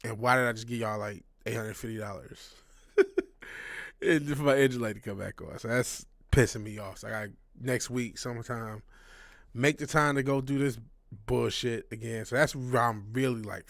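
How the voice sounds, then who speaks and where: A man in his thirties hosts a casual livestream, his voice sitting at an ordinary middle pitch. He rambles and talks frankly, swearing often and doubling back on his sentences. The sound is dry and close, with no room around it. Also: normal speed, vocal fry, fairly bright tone, dry recording. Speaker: livestream host.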